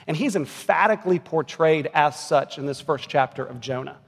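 Male pastor, forties, earnest sermon voice, a touch high, long church reverb. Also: moderate pace, gravelly, breathy edge. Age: 40s. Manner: earnest, rising to emphatic peaks. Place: church sanctuary.

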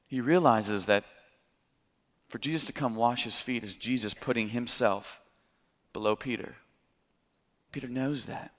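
Male preacher, mid-pitched, conversational teaching sermon, long hall reverb. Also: a little slow, long pauses, a bit bright. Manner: conversational, explaining with light chuckles. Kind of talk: expository sermon.

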